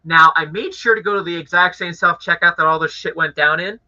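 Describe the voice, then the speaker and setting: High bright-voiced man ranting. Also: a little fast. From Canada. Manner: animated, swearing, acts out angry voices. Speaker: live stream host. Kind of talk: casual storytelling to chat. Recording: dull lo-fi audio.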